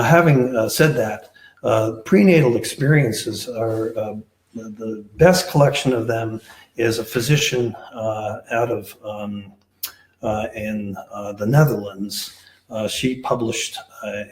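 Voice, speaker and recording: A man answering questions on a panel as a researcher, talking hesitantly with many filler sounds. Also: lowish voice. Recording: echoey room.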